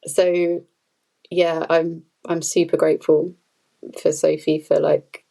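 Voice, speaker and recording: Low-pitched and gravelly, her dark voice stays level and moves slowly through a low-quality recording. She's a woman appearing as a podcast guest, a food photographer rambling casually in conversation with plenty of fillers and light laughter.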